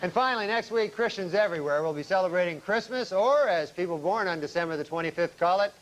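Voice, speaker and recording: A man delivering a mock newscast in a deadpan manner, slowing down for punchlines. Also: high voice, a faint crowd, slight background noise, rough recording. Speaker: comedy news anchor.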